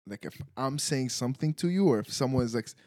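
A man's voice: mid-range voice, lively intonation, fast talker, darkish tone, dry recording, studio quality. A young man teasing a friend bluntly in a casual group chat.

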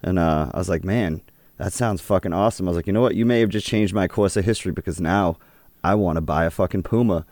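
A man's voice: sits low, fast, darkish tone, no echo. A man co-hosting a podcast, telling stories in a laid-back, casual way with frequent swearing. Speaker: podcast co-host. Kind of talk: casual chat.

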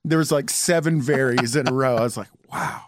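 A man's voice: medium pitch, quick pace, no room sound. A man co-hosting a podcast in casual chat, with dry, sarcastic humor. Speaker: podcast co-host.

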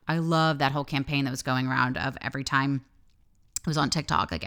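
Woman, low smooth voice, podcast host, candid solo monologue, frank and animated. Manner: frank, animated, swears freely.

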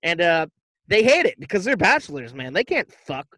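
A man co-hosting a podcast, casually retelling a movie plot in a rambling, profane way and tossing off quick impressions of the characters. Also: sits high, very animated, sharp tone, no echo, low-quality recording. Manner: rambling, profane, acts out quotes loosely. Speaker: podcast co-host. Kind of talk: casual movie recap chat.

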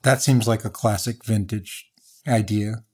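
A man's voice: lowish voice, steady tone, unhurried, a little mellow, breathy edge. Curious male interview host. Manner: curious, probing questions. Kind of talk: interview questions.

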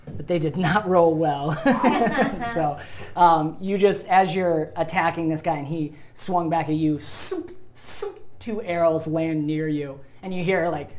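A woman runs a tabletop game as game master, taking her time with each line in a slightly low voice. She giggles through the action and throws in little sound effects as she narrates. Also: a little slow, darkish tone.

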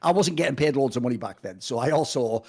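A man's voice: mid-range voice, expressive, quick pace, breathy edge. A man co-hosting a podcast, talking bluntly and emphatically in a casual, opinionated chat, swearing freely. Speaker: podcast co-host.

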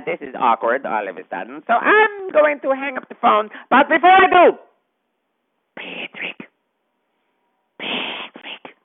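A man's voice: extremely high pitch, no echo, full character voice. A man voicing a pompous, irate male gargoyle who rants theatrically as a crank caller over a phone line. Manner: theatrical, ranting, wildly swinging delivery. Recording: tinny dry phone line.

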